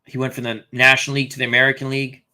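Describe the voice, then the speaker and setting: A man's voice: mid-range voice, completely flat delivery, racing, pushed and bright. A man hosting a casual live stream, thinking aloud and reading out viewer comments. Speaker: host.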